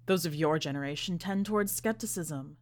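A woman reading a story aloud, voicing a cold, commanding male stage magician in a measured, lofty manner. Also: deep voice, voice pushed down, natural voice. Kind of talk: audiobook character voice.

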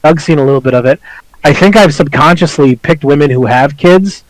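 A man with a slightly higher voice speaks openly and reflectively, chuckling now and then as he tells his stories. The sound is dry and close to the mic, with no room around it. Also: fairly quick, no room sound, low-quality recording. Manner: reflective, open, chuckles while telling stories. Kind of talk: casual candid conversation.

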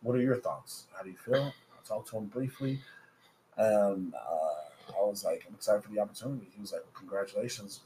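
A man's voice: on the low side, lively intonation, brisk, dark tone, a little hiss or hum, rough recording. Young male co-host, laid-back and understated, casual chat. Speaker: podcast co-host.

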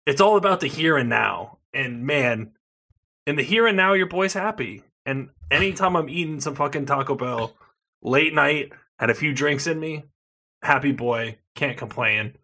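A man's voice: fairly high pitch, animated, normal speed, pushed and bright. A young man co-hosting a casual podcast chat, swearing freely and gushing with enthusiasm. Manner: profane, enthusiastic, rambling. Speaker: podcast co-host.

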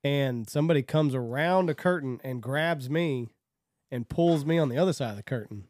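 A man's voice: medium pitch, moderate pace, darkish tone. A man co-hosting a podcast, telling loose, rambling stories in casual chat. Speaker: podcast co-host.

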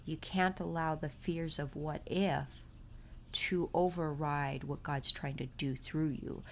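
With slight background noise behind her, a woman speaks at a slow pace in a low voice with fairly even intonation. As a vlogger and mother, she confides casually in her viewers about family and faith, in a chatty, confessional manner.

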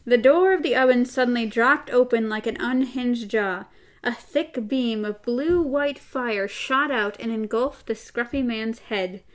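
A woman reads a novel aloud, her voice pitched a bit high. She slips easily into animated, chatty asides between passages. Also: measured pace. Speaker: co-host reading a novel aloud. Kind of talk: book reading with casual chat.

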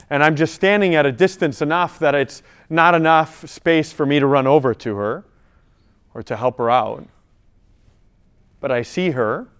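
Smooth-voiced male priest preaching. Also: medium pitch, a bit bright. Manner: storytelling, builds to preaching emphasis. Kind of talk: sermon.

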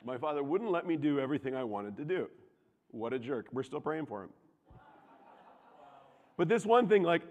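A young adult man preaching a sermon, telling stories with animated swings from loud outbursts to hushed asides, in a church. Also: mid-range voice, fairly quick. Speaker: pastor. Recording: long hall reverb.

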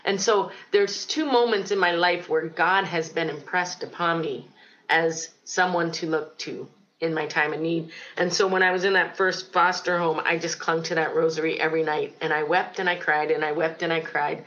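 A middle-aged woman from Ohio recounts her childhood in an interview, earnest and reflective, with frequent pauses and ums. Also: low voice, steady tone, a bit bright, muffled recording. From Ohio, United States. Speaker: guest telling her life story. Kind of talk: personal testimony in an interview.

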